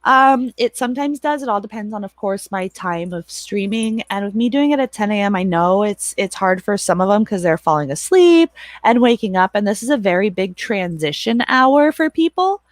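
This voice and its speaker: A woman's voice: medium pitch, expressive, moderate pace, dry recording. Chatty laughing woman streamer, dry sound. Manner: chatty and rambling, laughs often, swears casually. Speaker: livestream host and moderator. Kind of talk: casual livestream chat, answering viewers.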